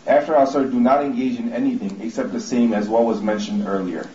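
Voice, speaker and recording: A man reads a religious text aloud at a quick pace in a steady, measured voice. He sounds distant from the mic, in an echoey room with faint background noise. The recording is dull and lo-fi. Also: mid-range voice. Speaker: reader.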